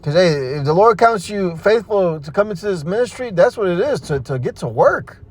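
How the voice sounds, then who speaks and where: A man with a notably high voice preaches hard and fast in street-sermon style. He swears casually, stumbles over restarts, and keeps checking in with "right?" and "you know?" as he pushes into his own testimony. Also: lively intonation. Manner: forceful, profane, repeats "man" and "you see".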